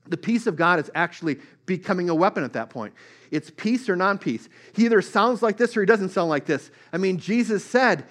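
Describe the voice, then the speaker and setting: Male preacher, slightly high voice, earnest, swells from quiet stories to emphatic points. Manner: earnest, builds from soft storytelling to rising emphatic preaching. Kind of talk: sermon.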